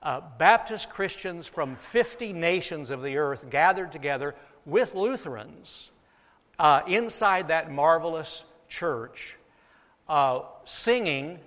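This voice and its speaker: A man's voice: a little high, animated, takes it slowly, fairly bright tone. A man preaching a sermon from the pulpit as pastor, from the United States, emphatic and repeating key phrases for effect. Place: church sanctuary. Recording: long reverb of a large hall.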